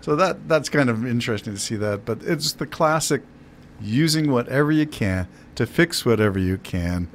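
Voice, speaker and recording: Man from Canada, mid-pitched voice, measured, reflective, faint room hum. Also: lively intonation. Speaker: podcast co-host. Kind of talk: casual chat.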